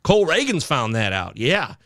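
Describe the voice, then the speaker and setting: Excitable lively-voiced male podcast host. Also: mid-range voice, moderate pace, no echo, clean studio sound. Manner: excitable, swears casually, reads chat aloud. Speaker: fantasy baseball podcast host. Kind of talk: live-stream chat with viewers.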